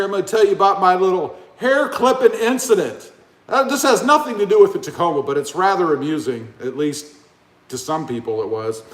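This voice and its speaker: A man hosting a casual live stream, rambling and joking as he reads out comments. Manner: rambling, joking, lively pitch swings. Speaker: livestream host. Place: indoor room, 88 degrees. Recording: echoey room.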